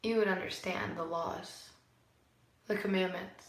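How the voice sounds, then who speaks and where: A woman vlogger in a rambling spiritual monologue, musing and preachy, often sighing and laughing softly. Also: on the low side, steady tone, measured pace. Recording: very echoey room, far from the mic.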